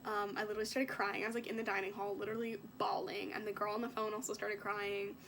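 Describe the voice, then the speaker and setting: This young adult woman's vlog chat is quick and casual, her medium-pitched voice staying fairly flat and showing vocal fry over background noise. She coughs occasionally from being sick and fills her emotional story with plenty of fillers.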